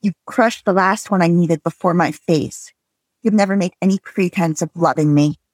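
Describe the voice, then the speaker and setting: A woman's voice: lowish voice, normal speed, a little mellow, no echo, studio quality, close to an everyday voice. A woman reading aloud as a teenage girl, wounded and defiant, pleading and then lashing out. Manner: pleading, rising to outrage.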